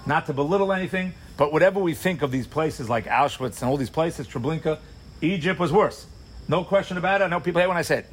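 A man teaching a Torah class to a live audience, telling the story in an animated way, full of rhetorical questions and acted-out asides. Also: on the high side, fast, slightly rough. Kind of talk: sermon-style Torah class.

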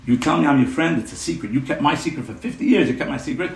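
A man's voice: fairly high pitch, expressive, very fast, vocal fry, slight background noise. A man playing a stingy, rich older man who pleads with his best friend, telling the story earnestly in a roomy space, heard from a little distance. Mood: pressing. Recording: roomy room, mic at a distance.

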